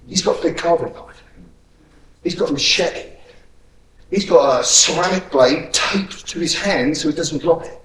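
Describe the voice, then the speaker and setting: A man's voice: a little high, recorded from a distance, a little hiss or hum. A man teaching a hands-on self-defence class, blunt and profane, barking drill commands between explanations. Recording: echoey room, voice from afar.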